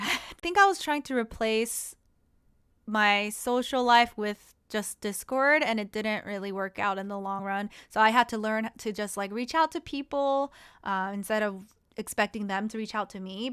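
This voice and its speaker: A young woman streamer chatting casually with her viewers, rambling and quick to laugh. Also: mid-range voice, sharp tone, clean tone.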